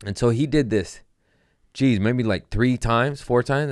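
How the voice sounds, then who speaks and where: A man hosting a comedy podcast, telling a rowdy story in a profane, animated way and laughing along. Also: mid-range voice, measured pace, no echo, clean studio sound. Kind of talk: casual storytelling.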